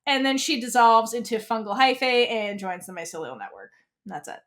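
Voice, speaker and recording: A woman's voice: a little high, a little fast. A young woman co-hosting a podcast, chatting casually through an episode recap and acting out characters' lines as she goes. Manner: animated, acts out characters' lines mid-recap. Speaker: podcast co-host. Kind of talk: casual fan recap chat.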